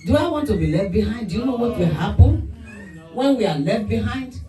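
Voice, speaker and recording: A woman pastor preaching a lively sermon, laughing often and breaking into mock speaking in tongues. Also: a little high, brisk. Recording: echoey room, voice from a distance.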